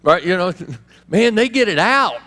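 A male pastor preaching in a lively, conversational way, with laughs and asides to the congregation. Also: sits high, normal speed. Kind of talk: sermon. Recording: long hall reverb.

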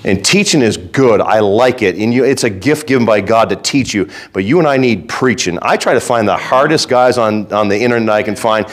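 A male pastor preaching a sermon in a fervent, folksy way, swinging between quiet asides and loud exhortation. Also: lowish voice, a little fast, hardly any pauses.

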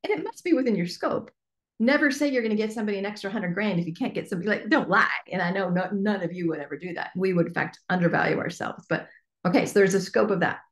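A woman business coach teaching a workshop in a chatty, animated way with lots of fillers. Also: medium pitch, quick pace. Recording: echoey room.

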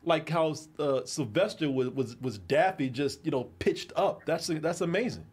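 A man's voice: a little high, animated, normal speed, darkish tone, husky. A man hosting an interview, chatting casually and enthusiastically with his guest and complimenting him. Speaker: interview host.

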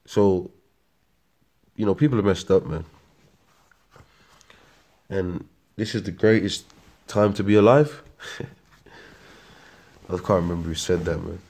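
A British man with a very low voice preaches in a loose, rambling way. He peppers his talk with slang and trips over words when he reads aloud. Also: slow, pauses often, a little mellow. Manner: slangy, ends lines with "man" and "mate". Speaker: street preacher. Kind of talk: casual preaching monologue.

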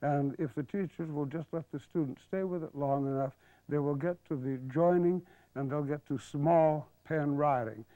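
An older man, a calligraphy teacher, giving a patient televised lesson and murmuring softly while he writes. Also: a little high, normal speed, no echo. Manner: patient, explanatory, drops to a murmur while writing. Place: studio. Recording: dull 1970s broadcast TV audio.

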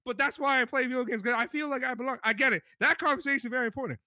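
A man co-hosting a podcast, talking in an animated, excited way, swearing often and dropping into deep mock voices when quoting others. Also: very fast, no room sound. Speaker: podcast co-host. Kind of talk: excited casual chat.

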